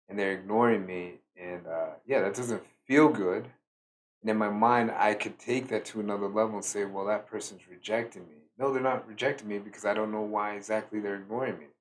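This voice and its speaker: A tired man giving a slow, reflective solo talk as a spiritual teacher, pausing often with fillers. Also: lowish voice. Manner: slow, musing, with many fillers.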